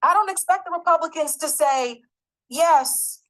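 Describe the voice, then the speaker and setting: A woman's voice: very high-pitched, measured pace, a bit bright. A woman giving an angry, emphatic political commentary, swearing and repeating her points.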